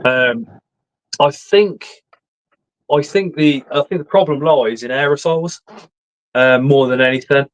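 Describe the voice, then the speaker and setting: A man's voice: medium pitch, unhurried, long pauses, poor audio. A man in his forties hosting a casual live stream chat, joking and rambling as he talks.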